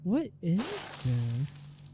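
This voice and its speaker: A woman's voice: lowish voice, huge pitch swings, very slow, over music. A young woman streaming and chatting casually, reacting with giggly disbelief. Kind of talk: casual chat.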